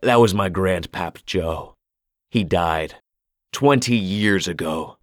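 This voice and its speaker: Brief: uneasy young husband, deep and slow, hesitant delivery, from a male narrator. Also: no echo, studio quality. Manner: tense, hesitant.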